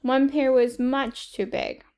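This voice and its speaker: A woman reading a children's chapter book aloud in steady first-person narration. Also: high-pitched, slow pace, clean tone. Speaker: reader.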